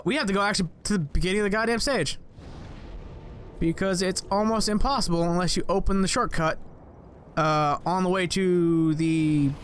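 A man giving let's play commentary on a video game, excitable, swearing and yelling at enemies, his voice cracking at times. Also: high-pitched, smooth, dry recording. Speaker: gaming channel host.

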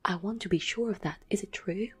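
A woman's voice: mid-range voice, fairly quick, soft background music. A woman voicing a questioning male friend in a whispered role-play, pointed and insistent. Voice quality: breathy whisper. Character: man, the narrator's probing friend.

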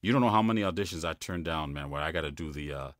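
Deep-voiced jersey guy, voice actor in a chat, storytelling, dead dry sound. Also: fast talker, no room sound. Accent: New York-New Jersey. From United States. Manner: animated storytelling, says "man" a lot. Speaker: voice actor, guest. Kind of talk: casual interview.

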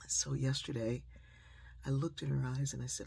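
An older woman telling a family story that turns into a life lesson. She speaks in a sermon-like way and often drops into soft whispers for emphasis. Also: very deep voice, unhurried, creaky, slightly rough. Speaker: speaker sharing a personal lesson.

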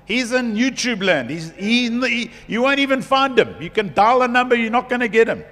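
A middle-aged man preaching a conference sermon as a pastor, chatty and lively, laughing between points. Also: very high voice, moderate pace. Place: large conference hall. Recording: long hall reverb.

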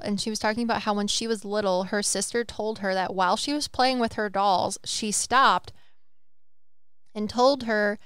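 A woman hosting a podcast, excitedly retelling a story in a rambling, casual way. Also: mid-range voice, smooth, no room sound, clean studio sound. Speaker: podcast host. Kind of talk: casual chat.

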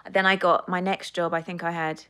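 A woman in her thirties from the United Kingdom, an actress telling career stories with animated energy in a casual studio podcast chat. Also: fairly low pitch, a little fast, clear, resonant tone. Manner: animated storyteller, lively laughs. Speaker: actress guest.

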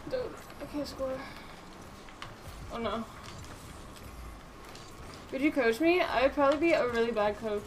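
A woman's voice: sits high, a little slow, long pauses, noisy background. A woman streaming a game live, chatting casually, swearing freely and answering her chat aloud.

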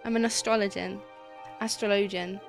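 A woman's voice: mid-range voice, steady tone, normal speed, faint music behind. A woman streamer chatting casually and rambling, easily distracted, swearing freely and greeting chat between laughs.

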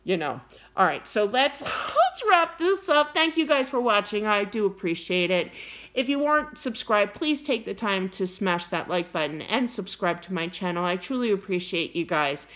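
A middle-aged woman giving a casual tarot reading to camera, animated and quick to get wound up and scold playfully. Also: mid-range voice. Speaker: tarot card reader.

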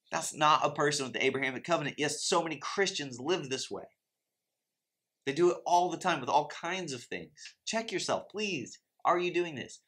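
A man's voice: medium pitch, pushed and bright. Guy preaching faith n money, fired up, chatty asides to viewers, mid voice. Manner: impassioned, exhorting, conversational with asides. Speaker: Christian finance teacher. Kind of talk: preachy teaching talk to camera.

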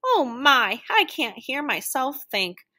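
A woman voicing a fussy older man who is easily flustered by noise, speaking slowly and pleadingly. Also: sits high, very animated, bright, forceful tone, voice pushed up, heavily acted. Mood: exasperated. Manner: slow, pleading, exasperated.

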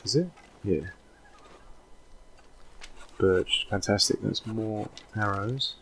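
A man giving casual, thinking-aloud commentary while playing a video game, drifting into relaxed, rambling asides. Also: fairly low pitch, measured pace, vocal fry, long pauses, husky. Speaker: let's play host.

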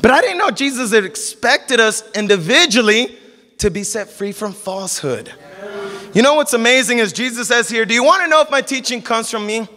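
High-voiced preacher man, church hall echo. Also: normal speed. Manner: animated, acts out quoted voices. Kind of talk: sermon.

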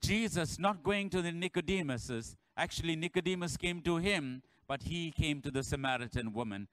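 Bright-voiced preacher. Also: male voice, fairly high pitch, moderate pace, no room sound, low-quality recording. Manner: preaching with shouted refrains and call-and-response. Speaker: pastor. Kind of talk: sermon. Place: church.

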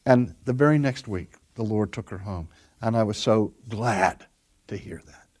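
Older pastor preaching earnestly. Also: male voice, fairly low pitch, darkish tone. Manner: earnest storytelling, drawn-out emphasis on key words. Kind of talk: sermon.

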